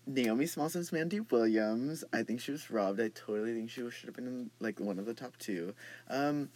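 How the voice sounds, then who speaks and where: A man's voice: mid-range voice, normal speed. A man appearing as a podcast guest, chatting casually and laughing easily. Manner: relaxed, laughs easily, trails off. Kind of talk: casual chat.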